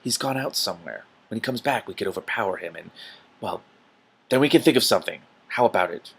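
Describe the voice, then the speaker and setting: A man's voice: lowish voice, lively intonation, fast, creaky, fairly bright tone, a little hiss or hum. A man reading aloud and voicing a cowardly, panicky male wizard who snaps and whines with urgency. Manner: snappish, whining, urgent.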